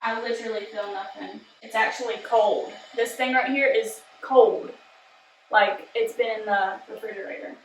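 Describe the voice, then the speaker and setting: A woman's voice: fairly high pitch, fairly even intonation, normal speed, echoey room, a little hiss or hum. A woman, chatting nervously as she tests a beauty gadget on camera. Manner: chatty, nervous, says y'all. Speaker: beauty vlogger testing a product. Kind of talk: casual product test vlog.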